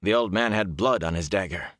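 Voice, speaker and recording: A man voicing a proud, middle-aged warrior lord who speaks sternly and breaks into anguished shouting, in an audiobook. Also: low-pitched, fairly quick, no echo, studio quality. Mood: weary. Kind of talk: audiobook character voice.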